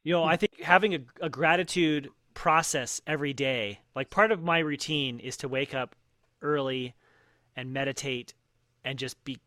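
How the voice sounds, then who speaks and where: A man's voice: mid-range voice, moderate pace, sharp tone, dry recording, clean studio sound. A man co-hosting a podcast, chatting casually in an encouraging, reflective way. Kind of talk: casual chat.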